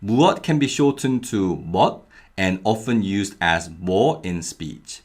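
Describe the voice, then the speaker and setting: A young adult man giving a clearly paced, scripted language lesson, repeating each example phrase carefully. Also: sits low, animated, normal speed. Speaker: Korean language teacher.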